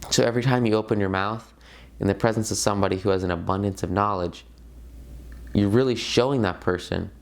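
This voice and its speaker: Gravelly low-voiced man teaching casually. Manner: conversational, emphatic, filler-heavy. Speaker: course instructor. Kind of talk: casual online lesson.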